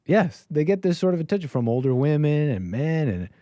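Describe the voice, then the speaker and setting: A man's voice: on the high side, sing-song, fairly quick, mellow, no room sound. A man hosting a call-in livestream, reacting to clips in casual, rambling commentary with many fillers and a sarcastic, dismissive edge. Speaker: livestream host taking calls.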